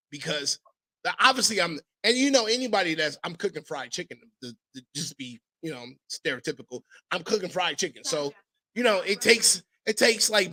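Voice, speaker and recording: Brief: high-pitched, sharp-toned man hosting a podcast, lively swings in pitch, cursing freely as he tells stories. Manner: animated storytelling, profane, mimics others. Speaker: podcast host; father. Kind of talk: casual podcast chat.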